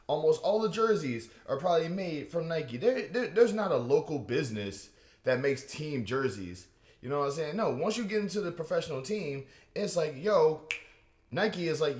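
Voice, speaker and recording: Animated rambling man in echoey room. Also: fairly high pitch, normal speed. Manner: rambling and animated, many restarts and asides. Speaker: comedian. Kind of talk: stand-up comedy rant.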